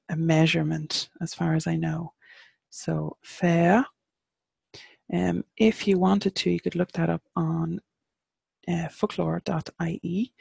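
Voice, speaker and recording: Gravelly Irish woman teaching pronunciation. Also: on the low side, a little mellow, no echo. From Ireland. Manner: patient, spells out words and slows down to model pronunciation. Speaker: teacher of Irish pagan studies. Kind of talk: casual online lesson.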